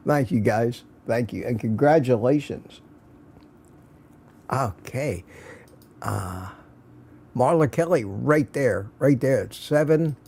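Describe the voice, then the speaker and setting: A man's voice: mid-range voice, expressive, slow pace, gravelly, long pauses, a little mellow, slight background noise. A man hosting a casual morning livestream from his home studio, greeting viewers by name and reading out their comments with jokes. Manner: chatty, jokey, reads out viewer comments.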